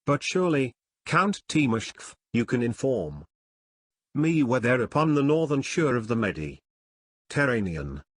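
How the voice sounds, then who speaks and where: A man's voice: medium pitch, sing-song, unhurried, dry recording, studio quality. A man reading the lines of an eager, impetuous army captain in an audiobook. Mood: impatient. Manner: urgent, impetuous.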